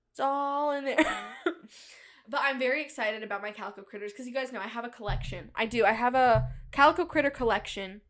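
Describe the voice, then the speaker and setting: A woman's voice: fairly high pitch, fairly quick, a bit bright. A young woman hosting her own show, telling a rambling comic story in a bubbly, self-mocking way with frequent laughs. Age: young adult. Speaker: podcast host. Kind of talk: casual comedic monologue.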